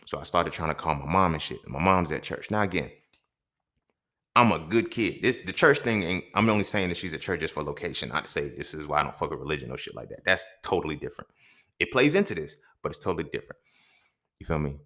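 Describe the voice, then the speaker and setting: A man's voice: rumbling low, lively intonation, fast, pushed and bright. A young man and podcast host telling a personal story in an emphatic, profane way, often checking in with his listeners.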